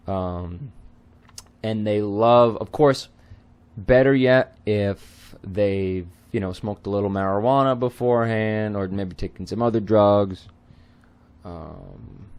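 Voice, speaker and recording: A man explaining song lyrics line by line as a tutor. He is hesitant, often pausing on ums and clearing his throat. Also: on the low side, darkish tone.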